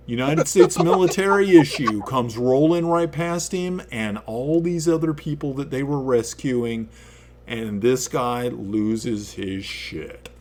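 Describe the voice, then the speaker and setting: A man telling a story casually to friends on a stream. His voice sits at a medium pitch, and he tells it in an animated, emphatic way. He swears freely as he talks. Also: a little hiss or hum. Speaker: stream host. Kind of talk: casual chat.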